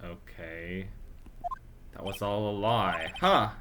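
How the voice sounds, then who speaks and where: A man's voice: sits low, background noise. A man reading a courtroom game's dialogue aloud in a playful let's play, joking and punning between lines. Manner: jokey, riffs and puns between lines, quick asides. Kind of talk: playful let's play narration with voiced characters.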